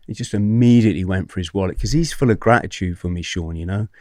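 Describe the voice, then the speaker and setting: A man's voice: deep voice, fast talker, a little mellow, no room sound, studio quality. A man in his forties telling a story as a podcast guest, acting out what other people said, swearing and laughing often.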